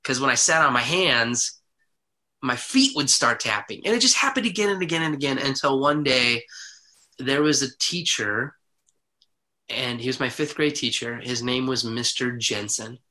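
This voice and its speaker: A man, a podcast guest, telling a personal story in an animated way, acting out the people in it. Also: mid-range voice, moderate pace. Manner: animated, vivid retelling with acted quotes.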